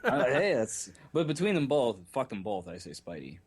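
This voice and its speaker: A man's voice: mid-range voice, huge pitch swings, a little hiss or hum. Joking young male podcast co-host. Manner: joking, teasing, quick comic riffs. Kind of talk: casual chat.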